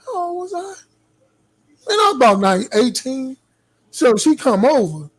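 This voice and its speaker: A man's voice: very high-pitched, very animated, moderate pace, slightly rough, rough recording. A man co-hosting a podcast, telling a story from his youth in a laid-back, slangy way. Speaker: podcast co-host.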